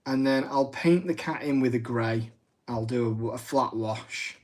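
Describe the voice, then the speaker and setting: A man's voice: medium pitch, measured pace, darkish tone. A man, hosting a casual live craft demo, chatty and self-deprecating with rambling asides. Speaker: craft livestream host.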